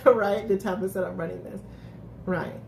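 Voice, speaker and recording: A woman's voice: mid-range voice, unhurried, creaky, a little mellow, slight background noise. A woman hosting a casual live-stream recap, chatting with viewers, laughing often and restarting her sentences. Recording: echoey room.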